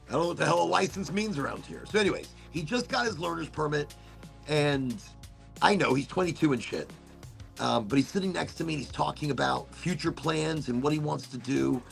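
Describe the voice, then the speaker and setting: A man's voice: fairly high pitch, lively intonation, fairly quick, gravelly, soft background music. A middle-aged man hosting a casual podcast, rambling and swearing as he tears up. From Florida. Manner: rambling, profane, emotional, frequent restarts. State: tearing up. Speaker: podcast host. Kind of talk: casual chat.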